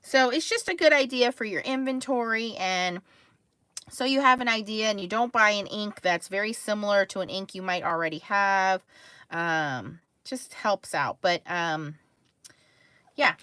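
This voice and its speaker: In a casual crafting livestream chat, a woman making cards greets her viewers by name and laughs a lot. Her voice is mid-range, smooth, pushed and bright, she speaks a little slowly, and the recording is dry.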